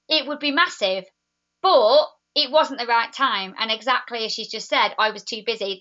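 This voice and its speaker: Chatty woman, bright lo-fi sound. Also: a little high. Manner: chatty, enthusiastic, laughs easily. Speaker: network marketing team leader. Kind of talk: live video chat reading viewer comments. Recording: dull lo-fi sound.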